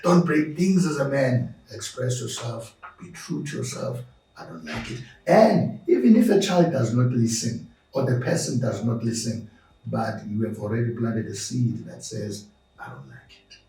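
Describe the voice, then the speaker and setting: A man's voice: mid-range voice, normal speed, dark tone. A man speaking passionately as a podcast guest, emphatic and preaching, building his points through repeated lists. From South Africa. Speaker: podcast guest, movement founder. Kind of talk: passionate interview talk. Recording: roomy room, distant mic.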